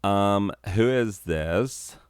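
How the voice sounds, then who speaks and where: A man's voice: lowish voice, extremely slow, smooth, dry recording, clean studio sound. A man voicing a well-dressed man who talks with a light lisp and a slightly feminine manner. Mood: wary.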